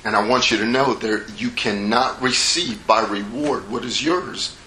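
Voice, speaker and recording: Echoey, bright-voiced male preacher. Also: lowish voice, unhurried, slight background noise. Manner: folksy, conversational, acts out the parable's characters. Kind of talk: sermon. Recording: echoey room with faint ambience.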